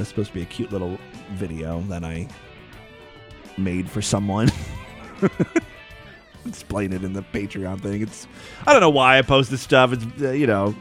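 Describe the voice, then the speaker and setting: A man hosting a crude comedy podcast, talking in an irreverent, rambling, sarcastic way. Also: lowish voice. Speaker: podcast host. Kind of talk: crude comedic news and voicemail show.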